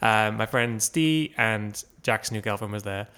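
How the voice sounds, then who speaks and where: Bright-voiced man telling a story. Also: on the low side, a little slow, clean tone. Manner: hesitant, lots of ums. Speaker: podcast guest. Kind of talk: casual storytelling.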